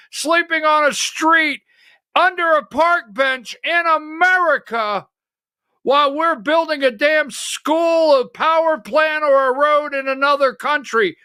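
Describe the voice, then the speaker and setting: A man with a very high, bright, forceful voice rants through his political commentary livestream. He swears freely and breaks into angry shouts. His voice sounds close and dry. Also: takes it slowly, dry recording. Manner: fiery, profane ranting with shouted outbursts. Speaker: political commentary show host.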